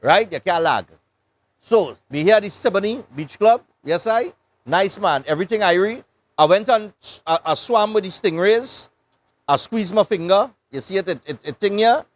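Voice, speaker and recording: A Trinidadian man with a fairly high voice hosts a live morning show. He rambles through a casual story in thick island dialect, chatting loosely between segments. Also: expressive, moderate pace. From Trinidad and Tobago. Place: beach club.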